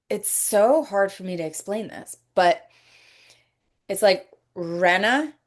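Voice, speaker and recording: A woman with a lowish voice hosts a podcast, reflecting slowly during a casual conversation about faith. She pauses now and then to search for words.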